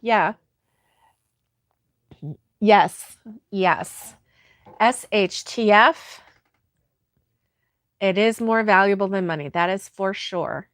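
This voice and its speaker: A woman hosting a relaxed crafting livestream, chatting through viewer comments and breaking into giggles as she goes. She talks unhurriedly and plainly into a close microphone in a dry, dead room. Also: mid-range voice, very slow, long pauses, no room sound. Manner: giggly, laughs often, soft-hearted. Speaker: crochet livestream host. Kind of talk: casual chat reading viewer comments.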